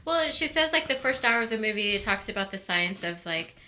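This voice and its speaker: A woman's voice: mid-range voice, lively intonation, fairly quick, a crowd in the background, poor audio. A woman co-hosting a casual chat, talking with lots of "um" and "like". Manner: chatty, lots of "um" and "like". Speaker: co-host.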